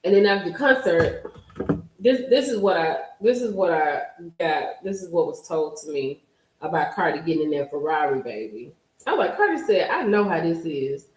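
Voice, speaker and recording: A woman's voice: deep voice, sing-song, normal speed, a little mellow, a little hiss or hum. Chatty woman host in an echoey room. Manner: chatty storyteller addressing viewers directly. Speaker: livestream host. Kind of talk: casual gossip livestream chat. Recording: roomy echo.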